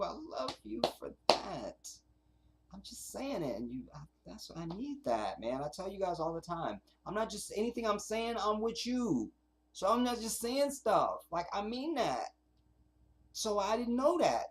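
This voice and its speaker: A man's voice: high voice, sing-song, measured pace, background noise. Rambling man hosting a livestream. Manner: rambling, swears, reads viewer chat aloud. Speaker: livestream host. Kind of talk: casual livestream monologue.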